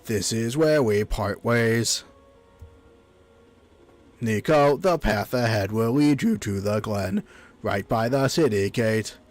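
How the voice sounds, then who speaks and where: A man voicing a calm game entity giving directions, in a slow, solemn, lower voice. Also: soft background music.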